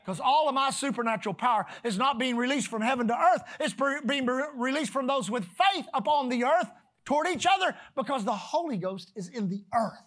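A preacher delivering a sermon with emphatic swings from shouting to hushed tones, reading scripture slowly and calling on the congregation to repeat words. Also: sits high, animated. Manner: reads scripture slowly and deliberately.

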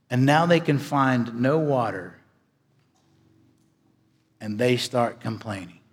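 A man preaching a sermon as a pastor, swinging between loud emphasis and hushed, quiet passages. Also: medium pitch, in a large hall.

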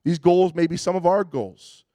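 A man's voice: high voice, moderate pace, mellow, no echo. A man preaching a sermon in a conversational, self-deprecating way, often restarting his sentences. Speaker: pastor.

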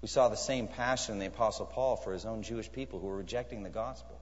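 A man's voice: lowish voice, fast. A man preaching a sermon in an earnest, emphatic way, pressing his listeners with searching questions. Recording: echoey hall, dull lo-fi sound.

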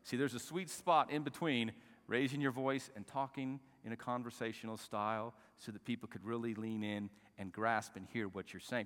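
Preaching as a pastor, this man alternates quiet, talk-like delivery with raised, shouting passages, and he asks the congregation to echo his phrases. The voice is mid-range with fairly even intonation and a moderate pace, and it sounds like a big room.

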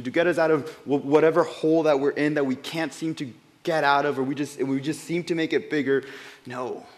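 A man giving an informal Bible devotional, earnest and conversational, often repeating words as he goes and dropping quiet at emotional points. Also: mid-range voice.

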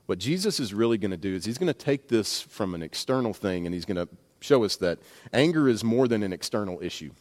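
A man's voice: on the low side, animated, fast talker, darkish tone. A man preaching a sermon, speaking conversationally with bursts of emphasis and asides. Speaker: pastor. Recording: long reverb of a large hall.

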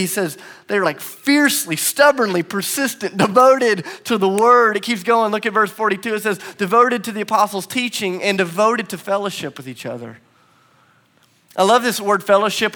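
A young adult male pastor delivers a sermon to his congregation. His voice sits a little high. He talks in an earnest, personal way and builds into emphatic swells. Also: pushed and bright. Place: church sanctuary before a congregation.

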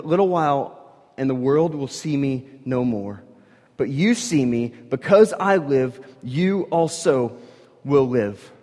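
A man preaching a sermon, swinging from loud emphatic bursts to hushed, low passages. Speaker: pastor. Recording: reverberant hall.

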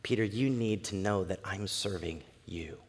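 A man preaching who voices a calm, gentle male teacher, dropping low and quiet and speaking slowly. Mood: gentle firm. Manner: soft, slow and low.

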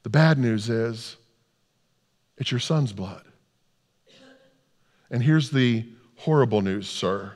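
A man voicing a calm, insistent male doctor who urges in a low, quiet, measured way. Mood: urgent. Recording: long hall reverb.

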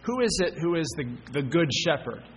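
A man's voice: fairly high pitch, sing-song, moderate pace, a little hiss or hum. Man, pastor, sermon, earnest, rhetorical questions, repeats words, church reverb. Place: church sanctuary.

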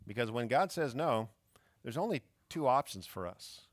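A man's voice: medium pitch, animated, moderate pace, no room sound, studio quality. A man preaching a sermon as pastor, emphatic and fond of rhetorical questions.

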